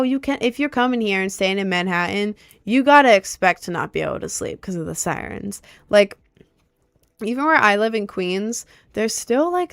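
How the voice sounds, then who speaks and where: Young woman from Maryland, casual vlog chat, rambling with constant fillers, smooth and dry. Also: medium pitch, fairly bright tone, no room sound. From Maryland, USA.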